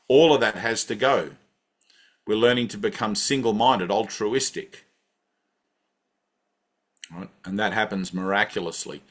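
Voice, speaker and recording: A man's voice: lowish voice, a bit bright. A man giving a conversational spiritual talk and guiding a breathing practice, often checking in with "right?". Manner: conversational, keeps asking "right?". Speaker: spiritual teacher. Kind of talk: satsang talk with guided breathing.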